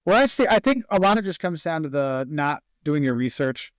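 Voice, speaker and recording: A man's voice: on the high side, sing-song, a little fast, no echo. A man, a travel video creator guest in a casual podcast interview, telling stories and acting out the people he quotes.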